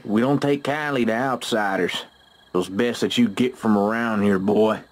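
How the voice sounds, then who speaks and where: A hostile rural townsman with a Southern US drawl, voiced by a man warns strangers off in a gruff, lowish voice. He is a horror game character and has no patience for outsiders. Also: normal speed, close to an everyday voice. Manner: gruff, unwelcoming.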